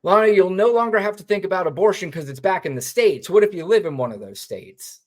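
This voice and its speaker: A man's voice: sits high, animated, quick pace, darkish tone, slight background noise. Male co-host, political chat, cutting and profane. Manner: blunt, profane, sarcastic. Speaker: podcast co-host.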